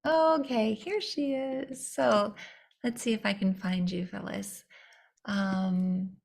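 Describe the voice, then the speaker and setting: A woman's voice: mid-range voice, fairly even intonation, slow pace, creaky, darkish tone. A woman moderating an online session, friendly, reading audience questions aloud from the chat.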